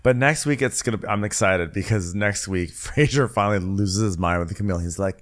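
Man, lowish voice, dry amused recap, casual. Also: fairly quick, few pauses. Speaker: podcast co-host.

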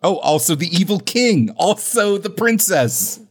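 A man's voice: high-pitched, expressive, unhurried. A man co-hosting a podcast, riffing on a movie with wry, sarcastic jokes in a casual chat. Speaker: podcast co-host.

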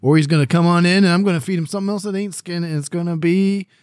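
A man's voice: sits high, steady tone, fast talker, darkish tone, smooth, no room sound. A man who is a guest on a casual podcast, speaking in a laid-back, joking way on a close mic. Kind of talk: casual chat.

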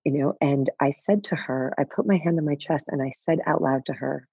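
A woman's voice: low voice, fairly quick, gravelly, warm tone, breathy edge, dry recording, dull audio. A woman in her fifties telling a personal story as a podcast guest, frank and wry, laughing at herself. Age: 50s. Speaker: guest author.

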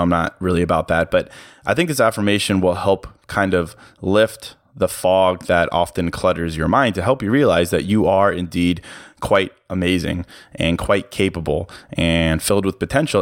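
A man's voice: deep voice, no echo, studio quality. A young man hosting a podcast, talking in an earnest, friendly, casual motivational way with slang and restarts. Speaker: podcast host.

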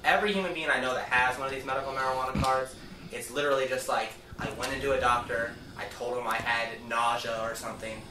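A man's voice: mid-range voice, steady tone, fast. A man in an old video clip, ranting and mocking with imitations of others. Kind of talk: opinionated video monologue. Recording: roomy clip with crowd noise.

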